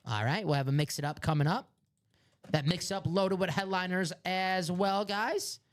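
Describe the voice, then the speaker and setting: A man's voice: high voice, moderate pace. Male live-stream host, Chicago accent, upbeat salesy banter with jokes. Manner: upbeat, joking, hyping items.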